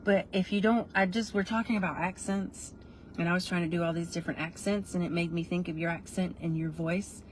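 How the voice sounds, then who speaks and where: Rambling, excitable woman live-streaming from a phone. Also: on the low side, fairly quick, slight background noise. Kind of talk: casual live video chat. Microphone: phone camera.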